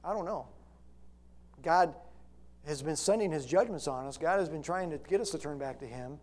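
A man's voice: fairly high pitch, normal speed, a little mellow. A middle-aged man preaching a sermon, reading scripture and then pressing his points with rising intensity.

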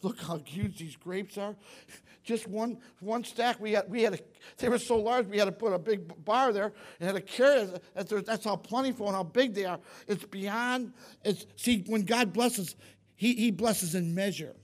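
A man's voice: high-pitched, normal speed. A man preaching a sermon in church, emphatic and repetitive, often questioning the congregation. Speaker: pastor.

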